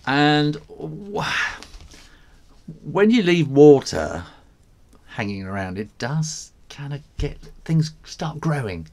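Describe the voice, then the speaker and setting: A man's voice: a little high, sing-song, slow, a little mellow. An English man hosting a live drawing stream, chatting casually, reading out viewer comments and laughing often. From England.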